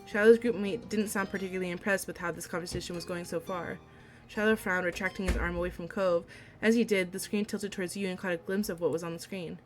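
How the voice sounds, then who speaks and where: A woman streamer reading a visual novel aloud, breaking into gushing, excitable outbursts. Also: on the low side, fast, faint music behind.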